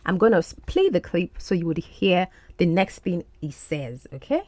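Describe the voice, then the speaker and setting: Lively woman teaching English. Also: lowish voice, no room sound. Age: adult. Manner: animated, repeats words slowly for pronunciation. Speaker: podcast host and English teacher. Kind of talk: explaining film clips in an English lesson.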